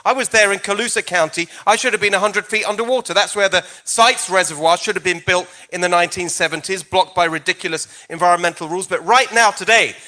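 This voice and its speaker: A man with a British accent answering as a candidate at a live debate, energetic and joking, with emphatic points. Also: high-pitched, fast talker, few pauses.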